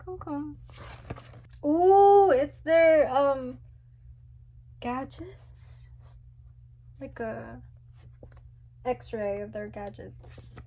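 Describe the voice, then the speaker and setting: A young woman chatting casually as she unboxes albums, gushing and squealing with excitement. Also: high voice, drawn-out words, pauses often, a little hiss or hum.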